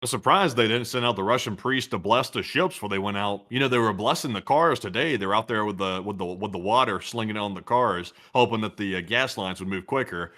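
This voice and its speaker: A man's voice: fairly low pitch, brisk, few pauses, pushed and bright. A man co-hosting in casual chat, joking and rambling, often repeating his words. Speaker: co-host.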